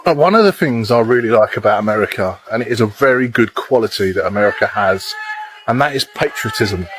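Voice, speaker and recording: Relaxed man, faint background noise. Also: on the low side, fairly quick. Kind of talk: casual chat.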